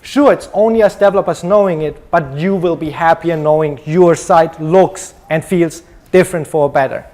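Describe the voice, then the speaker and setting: A man's voice: a little high, normal speed, hardly any pauses, darkish tone. A young man from Germany with a German accent, giving a chatty, joking conference talk full of ums. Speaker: conference speaker.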